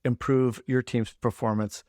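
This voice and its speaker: A man's voice: medium pitch, level tone, a little slow, darkish tone, no room sound, clean studio sound. A man hosting a casual podcast conversation, talking with energy and restarting phrases often. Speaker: podcast host.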